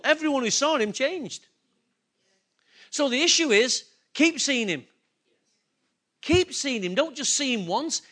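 A man's voice: very high voice, sharp tone. A man preaching a sermon, emphatic and repetitive, asking the congregation rhetorical questions. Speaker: pastor.

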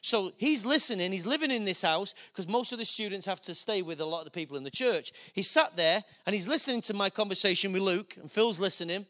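A man's voice: high-pitched, quick pace, few pauses. A man preaching, telling a story with acted-out dialogue and plain emotion. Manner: animated, acts out dialogue, gets emotional. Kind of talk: sermon storytelling.

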